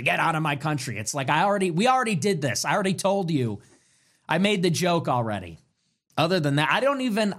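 Man, livestream host, casual commentary, sarcastic, rambling, laughs often, slightly high voice. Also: a bit bright.

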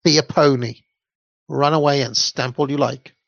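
A hoarse old witch woman, gravelly and slow, laying down the rules in a storybook tale, as a man reads her part. Her stern words come through a dry, muffled lo-fi recording. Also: mid-range voice, fairly even intonation, dry recording, close to an everyday voice. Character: stern old magic woman picking blackberries.

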